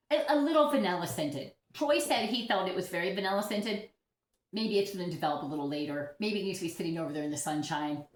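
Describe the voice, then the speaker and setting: Chatty, giggly woman in an echoey room. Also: on the low side. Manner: chatty, giggly, self-deprecating. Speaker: orchid vlogger. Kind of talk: casual vlog chat. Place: home room with orchids.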